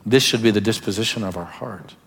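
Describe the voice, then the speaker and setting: A man's voice: on the low side, fast talker, vocal fry, slightly rough, big-room sound. A man preaching a sermon as pastor, emphatic, breaking into laughing asides and urging listeners to pay attention.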